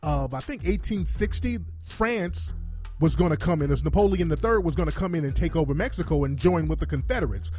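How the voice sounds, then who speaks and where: A man hosting a commentary show, delivering a blunt, profane, emphatic opinion monologue and mocking others in high falsetto voices. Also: expressive, a little fast, warm tone, faint music behind.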